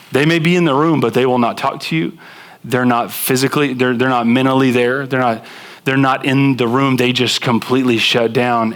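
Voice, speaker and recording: A young man preaching a conversational sermon to a church congregation, acting out quoted spouses in animated bursts. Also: on the high side. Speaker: pastor. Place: church sanctuary with live congregation.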